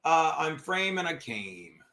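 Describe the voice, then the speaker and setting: Brief: male comedy podcast host, bright high voice, profane and mocking, roomy echo. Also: very animated, takes it slowly. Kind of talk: casual comedic rant.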